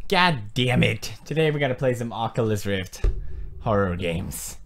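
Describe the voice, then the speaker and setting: A man's voice: mid-range voice, animated, moderate pace, creaky, soft background music. A man commenting on a horror game as he plays, nervous and joking, swearing as he goes. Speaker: gaming commentator. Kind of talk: let's play commentary.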